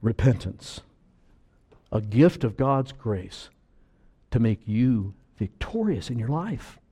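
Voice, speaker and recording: A man preaching a sermon, earnest and slow on key words, breaking into sudden loud bursts of urgency. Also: medium pitch, sing-song, breathy edge.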